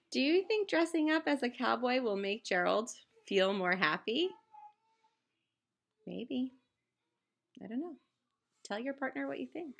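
A woman teaching first graders in a recorded read-aloud lesson, speaking in a gentle, instructive tone to children. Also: on the high side, lively intonation, a little slow, gravelly, long pauses.

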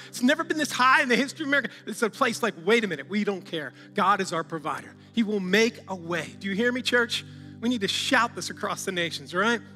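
A man's voice: sits high, bright, forceful tone, long reverb tail. A man preaching a sermon as pastor, exhorting the congregation, calling out to them often and laughing between points.

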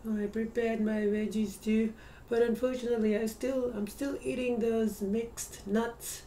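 A tired woman records a casual video diary at home. She speaks in a mellow, low-key voice, hesitant and soft, and now and then slips into a whisper. She sits a little away from the mic, with a faint hum in the room. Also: flat delivery, a little slow, far from the mic. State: tired, yawning. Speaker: vlogger.

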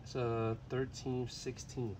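A young man live-streaming while he works on a car, loud and excitable, swearing often and talking to his chat. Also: medium pitch, slow pace, very noisy. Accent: Florida.

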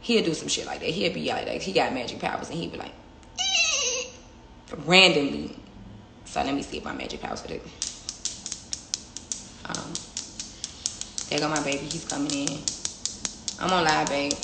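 A young woman talks straight into her phone on a casual livestream, blunt and confrontational and swearing freely. Her voice sits low with a gravelly edge. The room is echoey, and noise is clearly heard behind her. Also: very animated, fairly quick, long pauses. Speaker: livestream host.

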